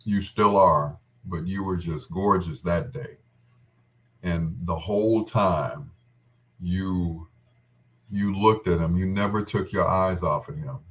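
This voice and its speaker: A man with a low, deep voice speaks slowly as he fondly recalls a day that moved him. His talk halts and restarts, trailing off into pauses. He is tender and close to tears. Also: fairly bright tone. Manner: tender and tearful. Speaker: friend recalling a wedding. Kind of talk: casual heartfelt reminiscing.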